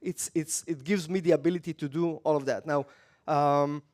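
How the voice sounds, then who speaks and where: A man's voice: fairly high pitch, fairly even intonation, moderate pace, a little mellow. Man giving a loose live demo talk. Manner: loose, repeats and restarts phrases. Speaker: conference presenter.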